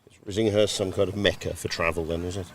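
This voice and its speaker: Man, very deep voice, dry humour, commentary. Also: fairly even intonation, quick pace, a little hiss or hum. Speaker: cricket commentator. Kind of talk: casual live stream commentary.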